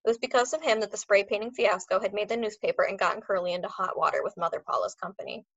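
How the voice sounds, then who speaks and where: A woman reads a novel aloud for a class, lively in delivery and quick to slip into the characters. Her voice sits in a middle range, close and dry, with a slightly muffled, dull quality to the recording. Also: mid-range voice, no echo. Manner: expressive, acts out characters. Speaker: teacher reading aloud.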